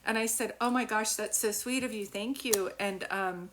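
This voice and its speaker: A woman's voice: mid-range voice, moderate pace, background noise. Woman, psychic medium, live stream, phone mic, chatty storytelling, thanks viewers mid-story.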